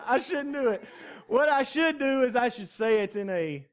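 A man's voice: very high voice, lively intonation, unhurried, slight background noise. A male pastor preaching a sermon in a folksy, joking way, often asking the congregation questions. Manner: folksy, jokey and conversational, asks the congregation questions.

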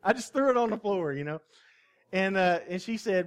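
A man's voice: high-pitched, expressive, normal speed. A male pastor preaching a sermon in a folksy, joking way, often asking the congregation questions. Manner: folksy, jokey and conversational, asks the congregation questions.

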